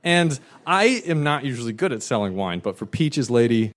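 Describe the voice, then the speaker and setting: A man telling a personal story in an animated, emphatic and self-mocking way. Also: mid-range voice, moderate pace, a little hiss or hum.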